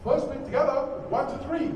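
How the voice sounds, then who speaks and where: High-voiced man calling to a crowd. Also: steady tone, brisk, highs cut off, noisy background. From Fiji. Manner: playful, joking, calling out to the crowd. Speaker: stage performer leading the audience. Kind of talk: call-and-response crowd warm-up. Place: outdoor cultural show stage. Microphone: camera in the audience, far off. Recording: echoey, distant, with loud music.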